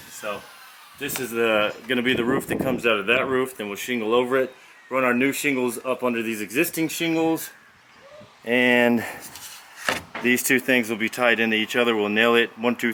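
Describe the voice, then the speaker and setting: A man talks through carpentry on an outdoor job site, relaxed and folksy as he explains each step. His voice sits at a middle pitch. Wind gusts across the camera's built-in mic, adding clear noise behind him. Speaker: builder showing his work. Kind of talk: casual job-site walkthrough. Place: outdoor construction site, windy. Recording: windy outdoor camera audio.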